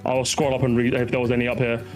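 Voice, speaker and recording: A man's voice: medium pitch, level tone, fast, faint music behind. A man streaming live, ranting animatedly and talking straight to his chat.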